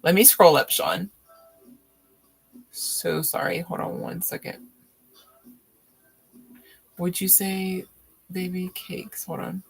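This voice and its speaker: A woman's voice: lowish voice, level tone, vocal fry, husky. A woman reading tarot on a live stream, chatting casually with viewers, laughing often and teasing them. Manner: slow, drawn-out speech with fillers.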